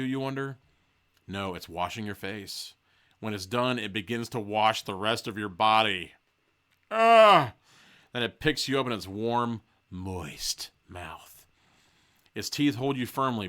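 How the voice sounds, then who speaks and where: A man's voice: fairly low pitch, fairly bright tone. A man hosting a podcast, casually reading a gamebook aloud and breaking off with profane, joking asides. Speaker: podcast host.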